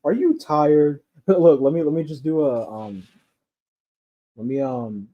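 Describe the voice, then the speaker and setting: A man's voice: medium pitch, measured pace. Rambling, profane man ranting casually. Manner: rambling, profane, loose delivery with frequent fillers and laughs. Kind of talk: casual rant. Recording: dull lo-fi recording.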